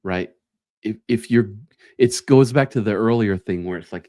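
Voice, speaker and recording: A man's voice: on the low side, normal speed, darkish tone, no echo, clean studio sound. A man hosting a solo podcast, reading short quotes aloud and reflecting on them in a casual, thoughtful way. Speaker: podcast host.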